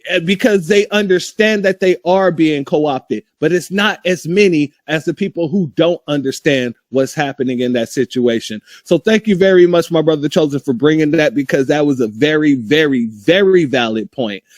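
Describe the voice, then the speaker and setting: High-voiced host, rhetorical and animated. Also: male voice, moderate pace, hardly any pauses, no echo, clean studio sound. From United States. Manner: animated, rhetorical, asks questions and waits. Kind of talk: casual opinion talk.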